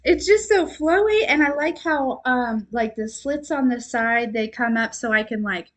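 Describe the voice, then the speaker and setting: A young woman hosts a casual live stream, talking to her viewers at an unhurried pace. Her voice is bright and slightly high. She rambles with fillers and giggles and turns tearful with gratitude. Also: expressive. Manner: emotional, giggly, grateful, tearful at times; chatty, rambling with many fillers. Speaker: livestream host and intuitive reader. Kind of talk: casual livestream chat.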